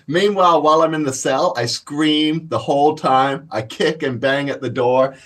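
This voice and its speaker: A man's voice: on the high side, normal speed. A man, telling stories casually on his vlog in a profane, boastful, laid-back way. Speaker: cannabis vlogger. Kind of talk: casual storytelling.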